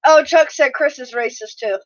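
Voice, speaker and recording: A woman's voice: sits high, moderate pace, muffled recording, faint music behind. A woman hosting a casual live stream, reading chat aloud and telling stories with lots of laughter.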